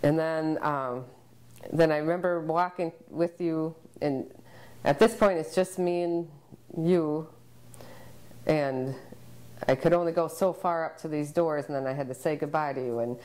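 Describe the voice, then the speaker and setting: A mother recounting a frightening family memory to the camera, emotional and halting, with many pauses. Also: deep voice, a little mellow. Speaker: interviewee, subject's mother.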